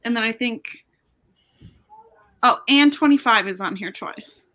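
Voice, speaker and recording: Young woman, host of a reading chat over a video call; bright, chatty, quick to laugh at herself. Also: a little high. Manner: chatty, laughs often, self-deprecating. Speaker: host of a reading sprint stream. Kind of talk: casual chat.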